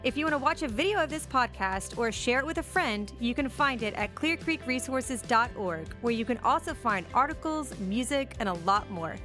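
A woman reading a scripted podcast outro in a friendly, smooth way. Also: a little high, lively intonation, moderate pace, few pauses, fairly bright tone. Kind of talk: scripted announcement. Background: faint music.

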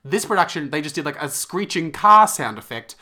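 A man's voice: a little high, lively intonation, brisk, sharp tone. A man co-hosting a casual theatre podcast, dry and teasing. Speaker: podcast co-host. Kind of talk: casual chat.

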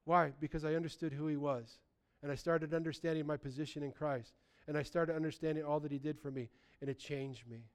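A man preaching a sermon in a lively, conversational way, often restarting his sentences. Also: on the high side, a little fast, hardly any pauses, smooth. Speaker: pastor.

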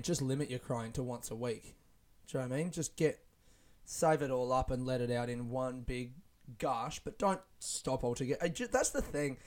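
A young man talks alone into his podcast mic in a loose, rambling way, swearing freely and breaking into laughter at his own jokes. His voice sits at an ordinary middle pitch. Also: a little mellow. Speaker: podcast host. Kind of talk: casual solo podcast monologue.

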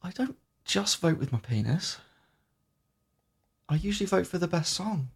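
Male podcast co-host, gravelly fry, cheeky and teasing in easy chat. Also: high voice, lively intonation, moderate pace. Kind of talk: casual chat. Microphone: one microphone shared between two.

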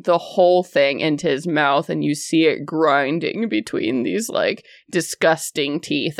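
A woman's voice: low-pitched, no room sound, studio quality. A woman narrating a tabletop game as game master, describing scenes in detail. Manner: descriptive, unhurried storytelling.

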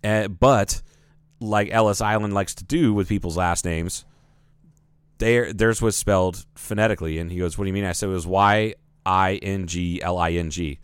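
Guy on a podcast, lowish smooth voice, dry sound, just chatting and telling a story. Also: steady tone, normal speed, no echo. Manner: storytelling, quotes people, swears. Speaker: podcast co-host. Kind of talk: casual chat. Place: podcast studio.

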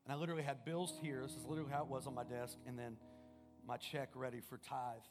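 A man preaching a sermon as pastor, telling a personal story in an earnest manner, swinging between loud and hushed. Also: medium pitch, little pitch movement, fast talker. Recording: music playing behind the voice.

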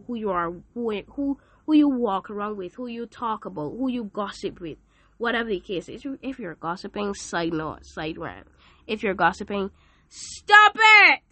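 A woman's voice: mid-range voice, fairly bright tone, dry recording. A woman hosting a podcast, giving an emphatic, preachy devotional talk with joking asides. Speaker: podcast host.

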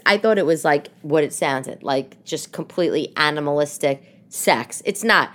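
Podcast host, woman, New York accent, lowish voice, animated casual storyteller. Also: normal speed, hardly any pauses. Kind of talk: casual chat. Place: living room.

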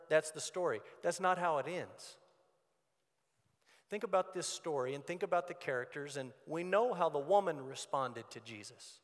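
A man's voice: fairly high pitch, animated, normal speed. A man preaching a sermon as pastor, in an earnest, conversational way. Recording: long church hall reverb.

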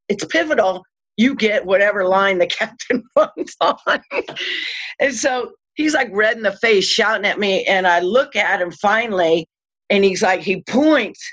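An older woman telling a personal story as an interview guest, acting out the dialogue with lively jumps in her voice. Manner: animated, acts out quoted dialogue with sudden pitch jumps and laughs. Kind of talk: casual anecdotal storytelling.

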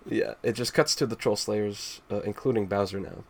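Male podcast co-host, low creaky voice, halting casual recap. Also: fairly even intonation, a little hiss or hum. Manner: hesitant, lots of fillers, dry humor. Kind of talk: casual chat recapping a comic.

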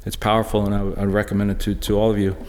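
A middle-aged man giving a personal testimony talk in a church, halting and earnest, full of restarts. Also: on the low side, completely flat delivery, a little mellow. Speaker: lay speaker sharing a personal witness. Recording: echoey church hall.

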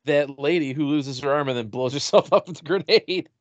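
A man's voice: on the high side, fairly quick, dry recording, highs cut off. Laid-back male podcast co-host. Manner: laid-back, short reactions and wry asides. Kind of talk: casual chat.

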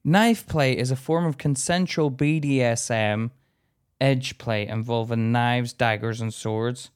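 A young British man co-hosting a podcast in casual chat, joking, laughing often and reading aloud haltingly. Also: mid-range voice, clean tone. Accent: British English. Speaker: podcast co-host.

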